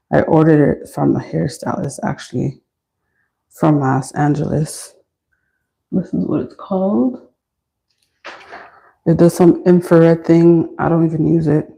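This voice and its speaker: A woman with a low, gravelly, mellow voice hosts a relaxed livestream. She chats with viewers and answers their comments as she works. She records on her phone in a small, warm washroom. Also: low-quality recording. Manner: chatty, answers chat comments while working. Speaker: livestream host styling a wig. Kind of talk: casual chat with live viewers. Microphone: phone camera.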